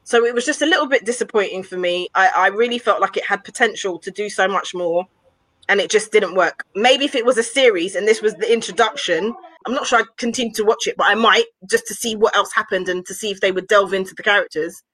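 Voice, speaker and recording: A woman from West London co-hosts a podcast, reviewing a film in lively, casual chat at a fast clip and an ordinary middle pitch. She piles up rhetorical questions with growing exasperation. The sound is dry and close, with no room echo.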